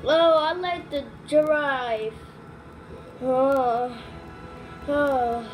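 A woman narrating a toy skit in a slow, rambling way. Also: high-pitched, low-quality recording. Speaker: video maker. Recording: clear music behind.

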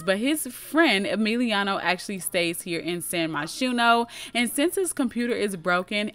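A woman narrating a life-simulation playthrough in a relaxed, chatty way. She speaks at a middle pitch for a woman and fills her talk with likes and ums as she addresses her viewers directly. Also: clean tone. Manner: chatty, full of fillers, talks to viewers. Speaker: gameplay narrator. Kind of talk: casual let's-play narration.

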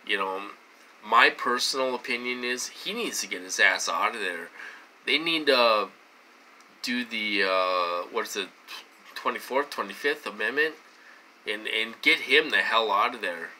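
Agitated vlogger ranting, very bright voice. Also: animated, a little slow, slight background noise. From United States. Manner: agitated, repetitive, swears, pitch swings high when indignant. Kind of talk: ranting to camera.

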